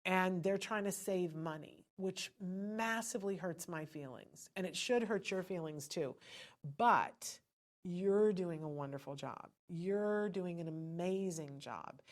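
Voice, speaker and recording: A middle-aged woman hosting a live-stream podcast, chatting with viewers in an encouraging way. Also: on the low side. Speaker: podcast host.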